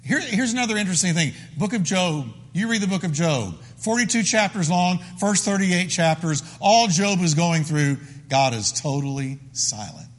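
Pastor guy preaching, pretty high voice, lots of repeating for emphasis, big reverby hall. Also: lively intonation, normal speed, hardly any pauses. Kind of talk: sermon.

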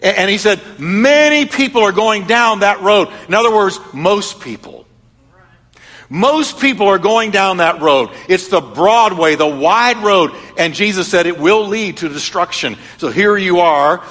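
High, bright-voiced male pastor preaching. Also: expressive, unhurried. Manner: emphatic, repetitive preaching cadence. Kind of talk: sermon. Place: church sanctuary. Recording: long reverb of a large church hall.

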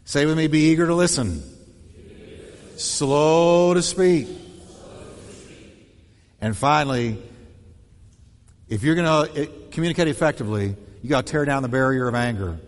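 Animated preacher man in a reverberant hall. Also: medium pitch, brisk. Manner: animated, acts out quoted voices with shifting tone and pace. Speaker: pastor. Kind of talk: sermon.

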